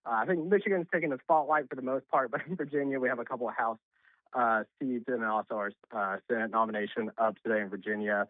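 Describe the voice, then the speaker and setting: Fast-talking man on a tinny phone line. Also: medium pitch, no echo. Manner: brisk, emphatic, frequent fillers. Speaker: political commentator caller. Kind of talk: radio phone-in political commentary.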